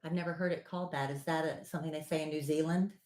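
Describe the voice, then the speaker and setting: A woman's voice: sits low, fairly even intonation, fast talker, darkish tone, reverberant. Dry, teasing woman podcast co-host. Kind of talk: casual podcast banter.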